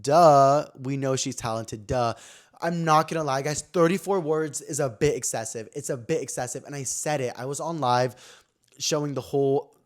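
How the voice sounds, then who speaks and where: A young man hosting his own podcast, telling stories in a chatty, slangy way with lots of fillers. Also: medium pitch. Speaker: podcast host. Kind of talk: casual chat.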